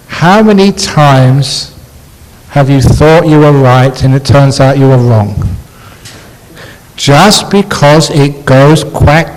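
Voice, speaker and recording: A man, a Buddhist monk, giving a dharma talk with slow, gently humorous storytelling in a university lecture hall. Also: fairly high pitch.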